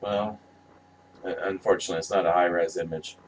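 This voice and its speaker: A man's voice: sits low, fairly even intonation, fairly quick, slight background noise, low-quality recording. A man giving casual, rambling commentary, passionate and profane, often restarting his sentences. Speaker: vlogger reviewing movie posters.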